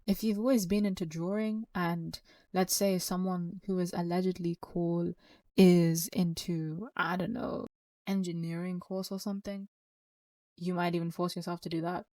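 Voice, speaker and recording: A woman's voice: on the low side, little pitch movement, moderate pace, dark tone, no echo, clean studio sound, distant mic. A woman hosting her channel, giving earnest, encouraging reflective advice. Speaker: channel host.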